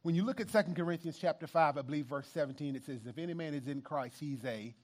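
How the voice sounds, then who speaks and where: High-voiced animated male preacher. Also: fast talker. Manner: animated, emphatic preaching with repetitions and asides to the congregation. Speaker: pastor. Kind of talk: sermon. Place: church.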